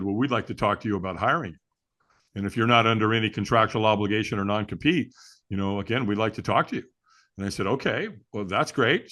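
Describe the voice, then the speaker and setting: A middle-aged man, the interview guest, telling stories in a casual chat, acting out quotes and laughing often. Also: mid-range voice. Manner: animated storyteller, acts out quotes, laughs often. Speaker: guest, firewalk instructor.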